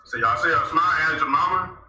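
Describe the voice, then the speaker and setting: A man's voice: a little high, quick pace, bright, forceful tone. A man vlogging casually, rambling and repeating himself as he keeps calling out to his viewers. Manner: repetitive, addresses viewers constantly as y'all. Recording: echoey room, mic far off.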